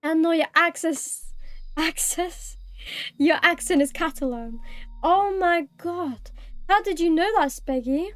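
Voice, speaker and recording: A woman's voice: very high-pitched, takes it slowly, fairly bright tone, no echo. A woman live-streaming a game, chatting playfully with viewers, thanking them and meowing like a cat. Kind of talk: live-streamed gameplay chat.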